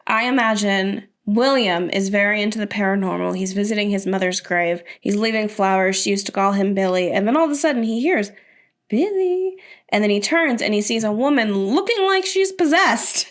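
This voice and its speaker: A woman's voice: medium pitch, a little fast, few pauses. A young woman co-hosting a podcast, teasing and dry in casual chat, who also reads stories aloud. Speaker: podcast co-host.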